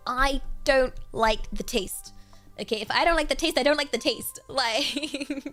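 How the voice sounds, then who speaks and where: Young british girl streamer, giggly and rambly, kinda high voice, quiet music in the back. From Britain. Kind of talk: casual livestream chat.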